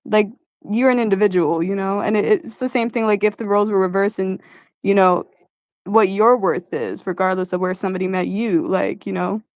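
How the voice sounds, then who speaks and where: A woman's voice: medium pitch, steady tone, fairly quick, darkish tone, no echo, studio quality. A woman co-hosting a casual chat podcast, talking in a rambling way with many fillers.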